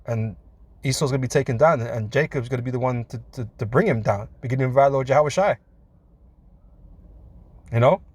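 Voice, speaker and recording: A man teaching from scripture in a casual, conversational way, often saying "man" and laughing between points, and reading verses slowly. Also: mid-range voice, no echo. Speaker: preacher.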